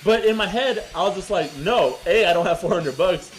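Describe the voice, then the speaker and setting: A high-pitched man co-hosting a podcast tells a story in casual chat, speaking briskly, laughing, and swearing freely in an animated way. The recording is rough.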